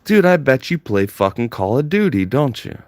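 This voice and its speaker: A man's voice: mid-range voice, sing-song, normal speed, a little mellow, no room sound, clean studio sound. Profane, heated man ranting on livestream. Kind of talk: ranting livestream talk to chat.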